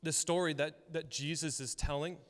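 A man's voice: a little high, fairly even intonation, normal speed, big-room sound. A young adult man preaching a sermon as pastor, telling a story in a conversational way and laughing often. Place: church hall.

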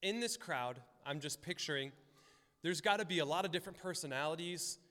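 A man preaching in a relaxed, talky way, slipping into the voices of the people in his stories. His voice sits a little higher than most men's. The sound carries a long reverb from a large church hall. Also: fairly quick. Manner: casual and chatty, acts out voices in the stories. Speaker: pastor. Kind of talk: conversational sermon.

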